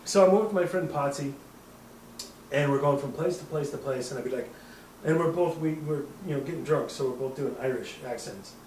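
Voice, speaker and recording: A man's voice: fairly high pitch, fairly quick, a little mellow, far from the mic, slight background noise. A man hosting a casual show, rambling through a drunken story with lots of swearing and laughter. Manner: rambling, profane, laughing at his own story. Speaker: host. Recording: roomy, off-mic with faint ambience.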